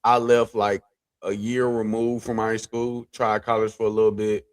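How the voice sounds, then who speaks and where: A man co-hosting a podcast, talking in a relaxed, reflective way and asking his co-host questions. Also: on the low side, moderate pace. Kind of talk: casual chat.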